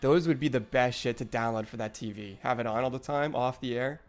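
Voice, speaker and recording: A man's voice: mid-range voice, fairly quick, faint music behind. A young man streaming live, rambling in casual, profane chat with lots of restarts.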